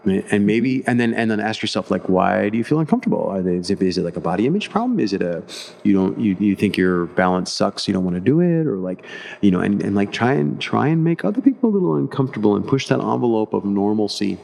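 A man's voice: lowish voice, sing-song, quick pace, vocal fry, a little mellow. A man co-hosting a casual chat, telling rambling stories with many restarts and acted-out quotes.

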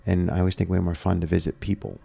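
Low gravelly man chatting on a podcast. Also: quick pace, dry recording. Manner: relaxed storyteller, laughs often, teasing. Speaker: podcast co-host. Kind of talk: casual chat.

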